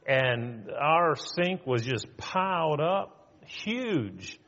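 A man's voice: fairly high pitch, expressive, drawn-out words, a bit bright. A middle-aged male pastor preaching a sermon in a conversational way, often acting out quoted voices. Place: church sanctuary. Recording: muffled church hall with long reverb.

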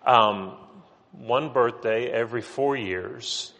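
A middle-aged man delivers a sermon in a relaxed, storytelling way, often restarting his sentences. His voice sits at an ordinary mid pitch. The sound carries the long reverb of a large church hall. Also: slow pace, vocal fry. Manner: conversational storytelling with frequent restarts. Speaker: pastor.

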